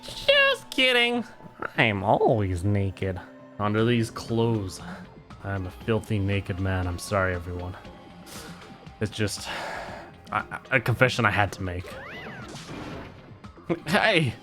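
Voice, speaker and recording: A man with a fairly low voice streams a video game, reading its dialogue aloud in silly put-on voices and cracking jokes in between, animated and playful. He speaks slowly with long pauses, and soft music plays in the background.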